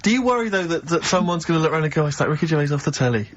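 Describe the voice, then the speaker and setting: A man's voice: on the high side, lively intonation, rapid-fire. A man in his thirties co-hosting a radio show, telling dry, wry stories in casual chat. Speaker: radio co-host. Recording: dull, noisy radio recording.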